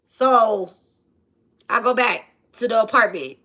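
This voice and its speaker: Black lady doing a storytime, kinda high bright voice, animated, swears a lot. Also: unhurried, long pauses. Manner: animated, repeats phrases, swears freely. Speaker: channel host. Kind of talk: casual storytime.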